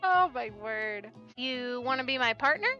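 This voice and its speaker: A woman's voice: fairly high pitch, animated, normal speed, bright, forceful tone. A woman voicing a genteel older male chef who talks down to his partner with pet names. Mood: pleased. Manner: patronizing, pet-name teasing. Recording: slightly dull lo-fi with background music.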